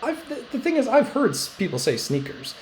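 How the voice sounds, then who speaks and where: A man's voice: extremely high pitch, huge pitch swings, brisk, a little hiss or hum, low-quality recording. A male middle school social studies teacher giving a casual recorded lecture, chatty and joking, with lots of "uh" fillers and rambling asides.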